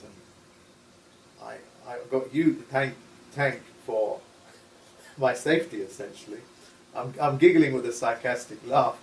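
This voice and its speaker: A man talking as an interview guest in casual conversation, halting with many restarts and short laughs. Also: mid-range voice, a little hiss or hum. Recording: echoey room, voice from far off.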